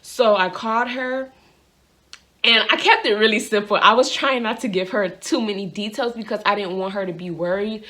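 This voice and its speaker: A young woman talks straight to the camera in a casual storytime vlog. Her voice sits at an ordinary middle pitch. She rambles, circles back and leans on filler words as she tells it. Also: normal speed, bright, forceful tone. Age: young adult. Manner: rambling, repeats herself with filler "like". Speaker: vlogger. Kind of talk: storytime monologue.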